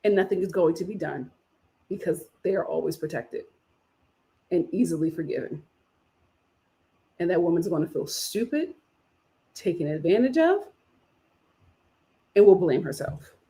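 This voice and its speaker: A woman's voice: on the low side, expressive, normal speed, long pauses, dark tone. A woman in her thirties giving casual live-stream commentary on a reality show, sassy and opinionated, laughing often. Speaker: reality TV reviewer.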